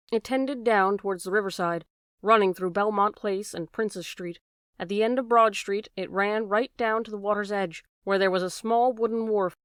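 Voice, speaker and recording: A woman narrating a classic novel as an audiobook reader, steady and measured. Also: medium pitch, clear, resonant tone, dry recording, clean studio sound.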